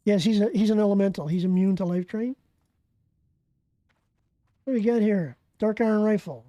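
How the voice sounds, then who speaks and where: Profane gaming streamer, warm voice. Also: mid-range voice, normal speed, no echo, muffled recording. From Canada. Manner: excitable, profane, chatty banter with viewers. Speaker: game streamer. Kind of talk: live gameplay commentary.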